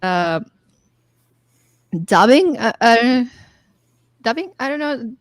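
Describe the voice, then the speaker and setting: Slow-speaking woman. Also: a little high, animated, dry recording. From Latin America. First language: Spanish. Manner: halting, searches for words with many fillers. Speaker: guest on a film discussion stream. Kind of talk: casual discussion.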